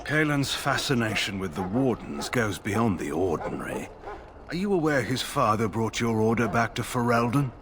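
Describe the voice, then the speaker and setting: An actor playing a proud, scheming nobleman in a game, measured and lightly condescending. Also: medium pitch, lively intonation, crowd noise, close to an everyday voice. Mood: cool. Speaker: game character, a lord.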